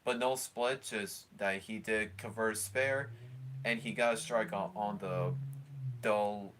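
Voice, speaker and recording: A man hosting a live stream, talking over a sports broadcast in a halting way, full of fillers and restarts. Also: on the low side, fairly even intonation, noisy background. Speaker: stream host commentating along with a broadcast. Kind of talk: casual live commentary.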